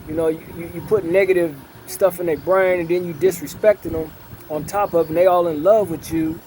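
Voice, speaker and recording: A middle-aged man, unhurried, with many fillers and repeated words. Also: on the high side, fairly even intonation, darkish tone, slight background noise, poor audio. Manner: unhurried storyteller with a drawl, many fillers and repetitions. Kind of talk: casual storytelling. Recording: music playing in the background.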